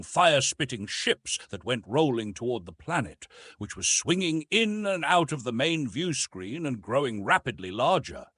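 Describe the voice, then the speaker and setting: A man reading a science-fiction audiobook aloud in an expressive, storytelling way. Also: mid-range voice, breathy edge, no room sound, clean studio sound. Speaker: audiobook narrator. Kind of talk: scripted audiobook narration.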